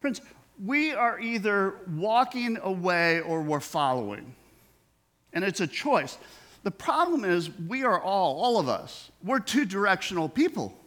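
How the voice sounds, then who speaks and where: A man's voice: sits high, very animated, measured pace, a bit bright. A man preaching a sermon in a conversational way, acting out the dialogue he quotes. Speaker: pastor.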